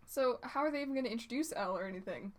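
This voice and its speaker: Brief: young woman, slightly high, exasperated giggly reaction chat. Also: lively intonation, rapid-fire, over a noisy crowd. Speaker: video host. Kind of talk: casual reaction commentary.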